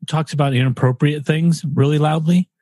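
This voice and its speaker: A man's voice: fairly high pitch, steady tone, mellow, no room sound. A man hosting a casual podcast, joking and swearing as he talks. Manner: joking, swearing, quick to laugh. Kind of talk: casual chat.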